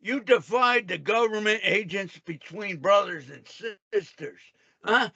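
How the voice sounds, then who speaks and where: A very high, bright male voice comes through dry, muffled call audio. He interrupts constantly and repeats the other man's name in a taunting way. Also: a little slow, creaky, breathy edge, no echo. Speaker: call participant. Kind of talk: heated argument on a call.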